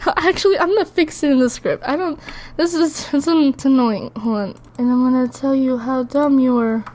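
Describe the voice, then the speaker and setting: Giggly teasing woman, very high voice. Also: moderate pace, mellow, slight background noise. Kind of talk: casual chat while recording.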